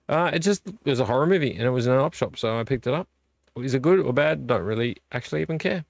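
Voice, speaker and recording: A man's voice: mid-range voice, lively intonation, quick pace, gravelly, dry recording. Rambling man hosting a live vlog. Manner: rambling, easily distracted, self-correcting. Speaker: vlog host. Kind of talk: casual live-stream chat.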